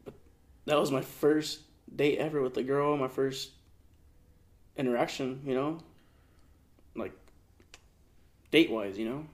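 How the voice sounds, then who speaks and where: A man co-hosting a podcast, chatting in a laid-back way with short replies and a relaxed story. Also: medium pitch, unhurried, long pauses. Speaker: podcast co-host. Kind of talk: casual chat.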